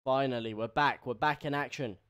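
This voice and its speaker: A man streaming live, giving excitable running commentary on a football match and repeating himself. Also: mid-range voice, fairly quick.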